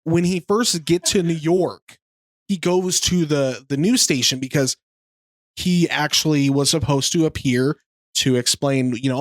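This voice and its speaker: Young guy on a podcast, slightly high voice, rambly storytelling, dry close mic. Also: a little slow, dry recording. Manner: rambling storyteller, lots of fillers. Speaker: podcast co-host. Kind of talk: casual chat, retelling a film scene.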